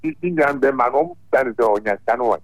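A male caller who rambles to the host in broken English. His mid-pitched voice sounds close and dry. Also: fast talker, no room sound. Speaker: radio caller.

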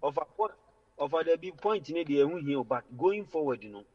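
A man's voice: fairly high pitch, lively intonation, normal speed, big-room sound. A man in a casual football chat, argumentative and heavy on repeated fillers, heard over a muffled call.

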